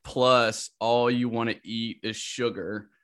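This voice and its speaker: Slow, rambling male podcast host. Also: medium pitch, fairly even intonation, a bit bright, clean tone. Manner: rambling, restarts sentences. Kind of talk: casual chat.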